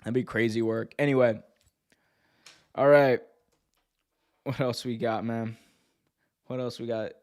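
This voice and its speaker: A man's voice: mid-range voice, fairly even intonation, measured pace, pauses often, a little mellow. A man hosting a casual wrestling news podcast, rambling, joking and correcting himself as he goes. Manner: rambling, self-correcting, jokey. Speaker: podcast host.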